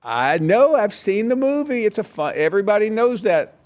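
Dry-humored sports radio host. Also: male voice, high voice, big pitch swings, moderate pace, a little mellow. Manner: dry, steering callers. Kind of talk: sports talk radio hosting.

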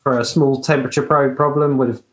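Man, co-host, halting with ums and restarts, middle pitch, echoey room. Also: level tone. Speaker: co-host reading chat. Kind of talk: casual hobby chat on a live stream. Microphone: remote call mic. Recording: roomy echo.

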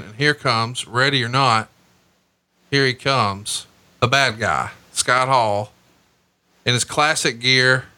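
A man hosting a podcast, teasing his co-host crudely and recapping old matches. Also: bright, forceful tone. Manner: teasing, crude, jumps in pitch when joking. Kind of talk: casual podcast banter and recap.

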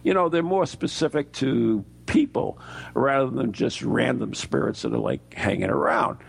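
An American man co-hosting a radio show, telling a story in a rambling, halting way with many fillers. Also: medium pitch, huge pitch swings, vocal fry, husky. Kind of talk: casual radio banter.

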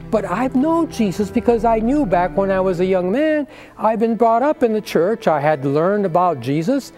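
A man's voice: high-pitched, expressive, normal speed, darkish tone, soft background music. An older man giving an earnest personal faith testimony, acting out the voices of people in his story.

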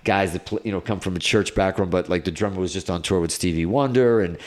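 A middle-aged man, a guest guitarist, telling stories in a casual interview, rambling and animated with lots of "like"s. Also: low-pitched, fast. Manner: animated, rambling, filler-heavy with many "like"s.

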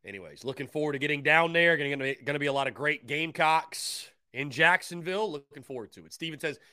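A man's voice: a little high, animated, fast talker, pushed and bright, clear, resonant tone, dry recording, clean studio sound. A man hosting a call-in sports talk show, upbeat and fond of repeating phrases for emphasis. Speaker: sports radio show host.

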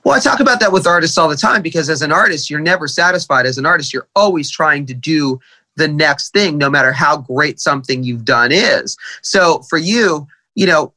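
A man's voice: on the high side, pushed and bright. A male podcast host asking conversational, rambling interview questions.

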